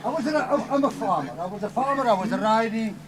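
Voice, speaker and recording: A high-pitched, expressive man talks fast, playing a boastful farmer at a live reunion skit. He spins a comic yarn in mock Spanish-flavored broken English, ending lines with "eh?", while a crowd is heard in the noisy hall recording.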